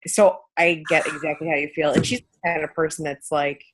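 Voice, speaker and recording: A lower-pitched woman coach recounting a story on a team call. Her delivery is firm and matter-of-fact, with no patience for excuses. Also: fairly even intonation, fairly quick, noisy background.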